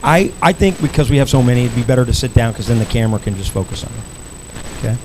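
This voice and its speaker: A man running a candidate forum speaks in a loose, rambling way full of restarts. His voice is gravelly and sits at an ordinary pitch. Crickets and outdoor ambience are clearly audible behind him. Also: animated, fast talker, noisy background. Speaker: forum organizer. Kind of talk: casual announcements.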